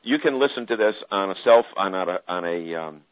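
A man's voice: sits low, animated, normal speed, dry recording, phone-quality sound. A man hosting a radio interview, joking around and slipping into an announcer voice for plugs. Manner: jokey, puts on an announcer voice for plugs. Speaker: radio show host.

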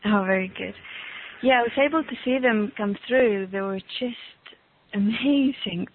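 A woman speaking as a guest on a call, talking slowly and haltingly as she reaches for words. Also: mid-range voice, a little hiss or hum. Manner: slow, halting, searching for words. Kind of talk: casual conversation on a call. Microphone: call audio. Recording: tinny phone-line call.

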